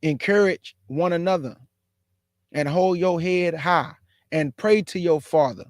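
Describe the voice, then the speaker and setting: A man's voice: fairly high pitch, a little slow, no room sound, clean studio sound. A man preaching a sermon with fervent, repetitive exhortations, who also prays aloud in a pleading way. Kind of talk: sermon closing with prayer.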